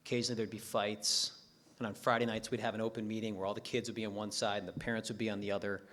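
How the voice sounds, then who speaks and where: A man's voice: fairly low pitch, flat delivery, racing, a bit bright. A man telling his own recovery story at a meeting as a joking, profane storyteller.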